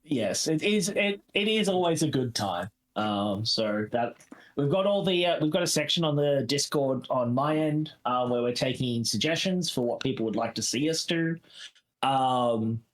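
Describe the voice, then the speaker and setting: A man chatting casually as a player in a tabletop game, rambling and self-deprecating, swearing casually. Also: medium pitch. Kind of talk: casual chat.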